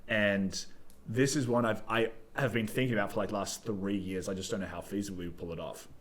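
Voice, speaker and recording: A man's voice: on the low side, steady tone, brisk. A young man, co-hosting a podcast in casual, jokey, rambling chat. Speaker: podcast co-host.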